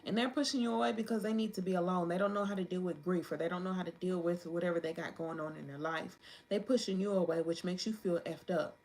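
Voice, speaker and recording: A woman's voice: fairly low pitch, steady tone, fast talker, few pauses, darkish tone, poor audio. A woman giving a casual tarot reading, talking in a chatty, slangy way as she thinks aloud about the cards. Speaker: tarot reader. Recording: clicks and card shuffling behind.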